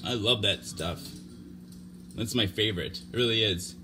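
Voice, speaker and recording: A man hosting a livestream show, talking off the cuff in a halting, stammering way, earnest and defensive. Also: lowish voice, noisy background. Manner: halting, stammering, restarts sentences. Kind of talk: unscripted livestream talk.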